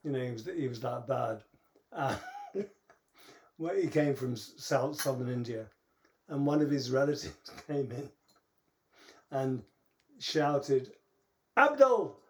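A middle-aged man with a British accent talks through his stories in a halting, chatty way, chuckling along as he goes. His voice sits at an ordinary middle pitch, and the talk is an easygoing podcast conversation. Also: darkish tone. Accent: British English. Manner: halting, storytelling, laughs at his own anecdotes. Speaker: podcast co-host. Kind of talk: casual chat.

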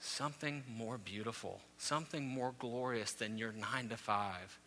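A man in his thirties preaching a sermon, telling stories with rising, animated peaks. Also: medium pitch, normal speed, slight background noise. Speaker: pastor. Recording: long hall reverb.

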